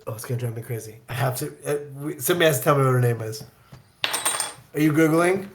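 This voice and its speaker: A man from the American Midwest telling a rambling, self-deprecating story in casual chat, getting animated when he quotes himself. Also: mid-range voice, fast, echoey room, noisy background. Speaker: guest actor.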